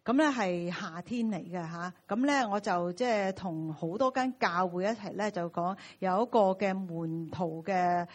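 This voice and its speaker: A woman's voice: on the low side, moderate pace, hardly any pauses. A woman interpreting a sermon phrase by phrase, using many fillers.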